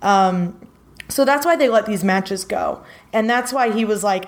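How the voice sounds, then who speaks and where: Woman, podcast co-host, casual storytelling, rambling delivery, mid pitch. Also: unhurried. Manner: rambling, lots of filler words.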